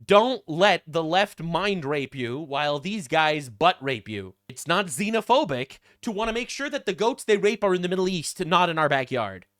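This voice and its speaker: A man's voice: fairly high pitch, very animated, moderate pace, hardly any pauses, a bit bright. A young man hosting a reaction video, cracking crude, sarcastic jokes about news clips. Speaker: commentary host. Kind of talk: reaction commentary.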